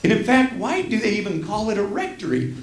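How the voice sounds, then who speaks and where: On a small theater stage, a middle-aged comic rambles through a self-deprecating stand-up set, often stopping to apologize. His voice is high and sing-song, fairly quick, captured with roomy live-theater acoustics.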